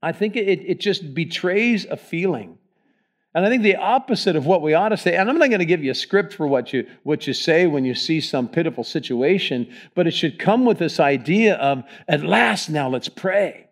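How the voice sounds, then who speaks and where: Male pastor, sermon in a church, shifts from loud to hushed. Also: a little high, lively intonation, normal speed. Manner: preaching with sharp swings from loud emphasis to hushed prayer; leads the congregation in reading aloud together. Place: church sanctuary.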